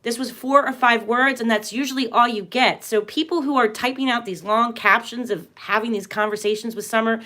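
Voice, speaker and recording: A woman's voice: on the high side, fairly even intonation, brisk, few pauses, pushed and bright. Emphatic rambling woman livestreaming. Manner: rambling, repeats herself, restarts often; earnest and emphatic. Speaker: tarot and astrology livestream host. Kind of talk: casual livestream talk.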